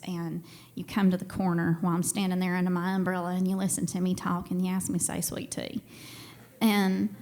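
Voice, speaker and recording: A woman's voice: on the low side, a little mellow. A young woman from Tennessee and Georgia with a Southern accent, telling a story on stage to a live audience in a chatty, self-deprecating way.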